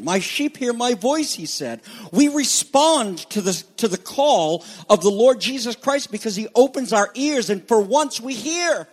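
High-voiced preacher in a reverberant hall. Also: male voice, expressive, moderate pace, hardly any pauses. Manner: emphatic, swings between loud declaring and quiet asides. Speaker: pastor. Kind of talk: sermon. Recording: long reverb of a large hall.

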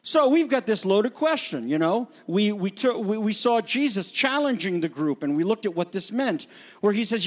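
A man preaching a sermon as pastor, animated and conversational, acting out the voices he quotes. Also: high voice, normal speed, big-room sound.

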